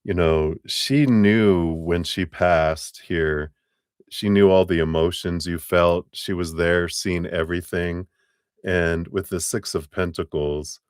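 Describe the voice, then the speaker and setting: A man's voice: low voice, clean tone, no room sound, clean studio sound. A man giving a live tarot reading, chatty and rambling, often breaking into laughter. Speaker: tarot reader.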